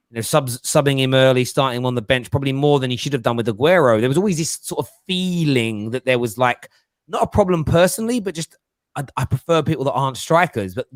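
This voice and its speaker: A man hosting a casual football chat, talking in an animated, rambling way with frequent restarts. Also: mid-range voice, no echo, clean studio sound. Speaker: podcast host.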